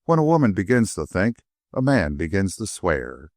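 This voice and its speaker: A man's voice: deep voice, very animated, normal speed, no echo, clean studio sound. A man voicing a suspicious male gambler who speaks in wry, clipped quips.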